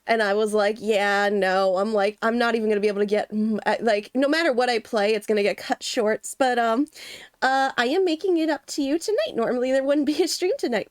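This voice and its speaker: A young woman streamer talks to her viewers in a loose, rambling way, full of fillers, restarts and little laughs. Her voice sits a little high. The sound is dry and close, with no room around it. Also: clear, resonant tone, no echo. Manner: chatty, giggly, rambling with many fillers. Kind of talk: casual chat.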